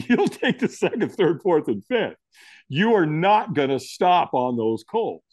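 A man's voice: measured pace, no room sound, studio quality. A middle-aged man, a guest in an interview, telling a story and acting out what people said to him. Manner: animated, acts out quotes with big pitch jumps.

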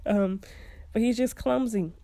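A woman's voice: fairly high pitch, measured pace, warm tone, dry recording. A young woman hosting a podcast, giving casual advice in a chatty way and laughing often. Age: young adult. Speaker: podcast host.

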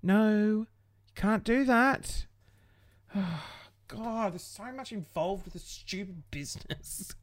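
A man's voice: sits high, takes it slowly, darkish tone, no room sound. A man venting in a casual vlog, exasperated and sweary, laughing through his frustration. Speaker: small business owner.

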